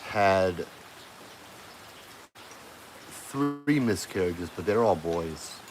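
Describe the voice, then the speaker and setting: A man's voice: low-pitched, animated, drawn-out words, music in the background, low-quality recording. A man hosting a livestream, telling a ghost story in a casual, rambling way with plenty of fillers and restarts. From Hawaii. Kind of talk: casual storytelling to a live chat.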